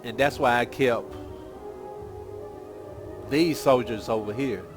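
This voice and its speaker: A man's voice: mid-range voice, takes it slowly. A man giving casual, rambling gameplay commentary as a gaming channel host, thinking aloud as he plays. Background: game music.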